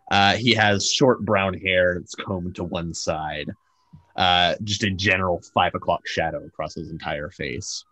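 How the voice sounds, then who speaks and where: A man's voice: low voice, pushed and bright, no room sound. A man narrating as game master of a tabletop game, loose and casual with many fillers. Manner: loose, filler-heavy description.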